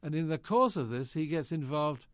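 A man's voice: fairly high pitch, expressive, normal speed, no room sound, clean studio sound. An older British man, an actor, genially telling anecdotes in an interview and acting out quoted lines. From Britain. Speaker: actor guest.

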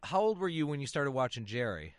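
A man's voice: mid-range voice, sing-song, brisk. Michigan guy doing an interview, chatty rambly questions, voice goes up and down a lot.

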